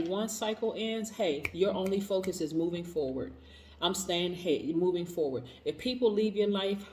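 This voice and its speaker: A woman giving an upbeat tarot reading to camera, hyping her viewers with quick motivational chatter and affirmations. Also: lowish voice, echoey room. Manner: energetic, hype-style motivational chatter with affirmations. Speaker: tarot reader.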